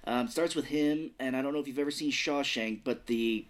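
A man's voice: medium pitch, brisk. A man with a Midwestern American accent, co-hosting a podcast and reviewing a movie in casual, rambling, self-deprecating chat. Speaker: podcast co-host.

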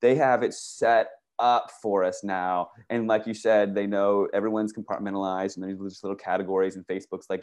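A man talking casually and excitedly, rambling through stories with many restarts, swearing and saying "dude" and "bro". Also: lowish voice, a little fast, hardly any pauses. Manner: profane, uses "dude" and "bro". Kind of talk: casual conversation.

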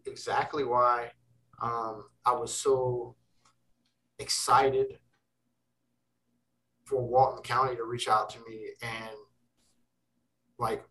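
Young man, interview guest, intense and cussing, bright tense tone, set back from the mic. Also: mid-range voice, recorded from a distance, low-quality recording. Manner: intense, emphatic, swears freely. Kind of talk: casual interview talk.

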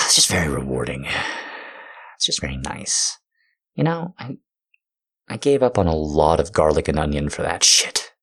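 A man with a very low voice that swings widely in pitch as he talks. He chats loosely with his fans and swears often. His jokes are self-deprecating. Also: lively intonation, moderate pace, a bit bright, husky. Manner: profane self-deprecating joking. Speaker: streamer talking to fans. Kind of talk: casual monologue.

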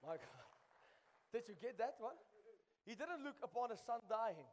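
A man's voice: very high-pitched, sing-song, normal speed, a little hiss or hum. A man preaching a sermon, emphatic and calling on the congregation to repeat after him. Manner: emphatic, call-and-response, repeats lines for the crowd. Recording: long reverb of a large hall.

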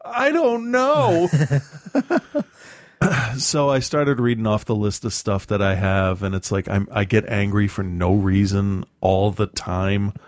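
A man's voice: on the low side, steady tone, darkish tone, dry recording, clean studio sound. A man in casual chat, telling rambling, profane stories with a lot of restarts and self-mocking asides. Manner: halting with frequent restarts and ums.

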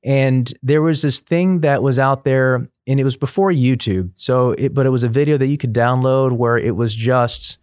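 A man's voice: mid-range voice, normal speed, hardly any pauses, clear, resonant tone, no echo, clean studio sound. A middle-aged man, a priest, telling stories in a casual interview, chatty, laughing often and restarting his sentences. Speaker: priest guest.

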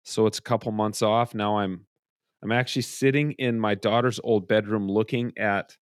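Relaxed low-voiced male podcast host. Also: no echo, studio quality. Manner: relaxed, rambling with restarts. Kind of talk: casual chat. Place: room at home.

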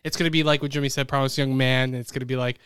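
A man's voice: medium pitch, little pitch movement, racing, fairly bright tone, clear, resonant tone, no room sound. A young man co-hosting a casual podcast, playful, laughing often as he reads out award nominees. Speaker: podcast co-host announcing awards.

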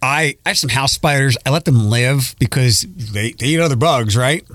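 A man's voice: medium pitch, moderate pace, a bit bright, no echo. A man hosting a podcast, telling rambling stories and restarting often in casual chat. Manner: rambling, self-interrupting storyteller. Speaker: podcast host.

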